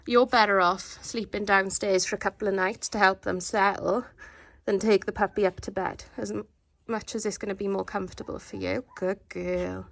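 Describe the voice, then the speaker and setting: A woman dog breeder in a casual home vlog, talking in a calm, steady, instructive way from her living room. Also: medium pitch, brisk, vocal fry, hardly any pauses.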